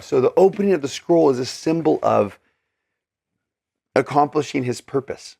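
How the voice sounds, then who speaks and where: A man's voice: medium pitch, normal speed, vocal fry, a little mellow, no echo, clean studio sound. A man teaching scripture in an earnest, conversational way, with many fillers and restarts. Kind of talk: casual scripture study talk.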